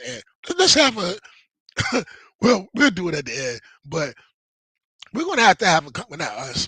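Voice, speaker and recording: A man's voice: sits high, bright, forceful tone, breathy edge, no room sound, poor audio. A man on a podcast, talking heatedly and profanely, repeating himself and acting out quotes. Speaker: podcast host. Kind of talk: heated casual chat.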